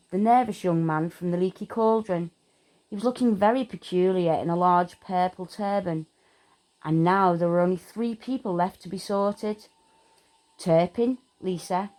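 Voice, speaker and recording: A woman reading a children's fantasy storybook aloud, in a steady, expressive way. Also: on the low side, poor audio.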